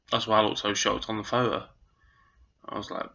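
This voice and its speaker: A man talks to his viewers in a loose, rambling, earnest vlog style. His voice sits low but has a bright, forceful edge. The recording is dull and lo-fi. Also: steady tone, fairly quick, creaky. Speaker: vlogger. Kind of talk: casual chat to camera.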